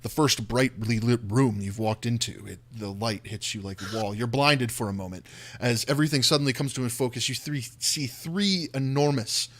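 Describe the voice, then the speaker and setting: A man's voice: medium pitch, normal speed, hardly any pauses, fairly bright tone. A man running a tabletop role-playing game as dungeon master, narrating scenes in vivid detail with frequent "uh" and "um" fillers.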